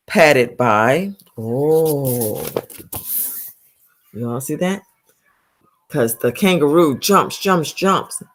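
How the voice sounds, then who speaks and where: Animated woman reading to kids. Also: a bass voice. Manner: animated, exclamatory, asks the children questions. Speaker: storytime reader for children. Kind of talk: reading a picture book aloud.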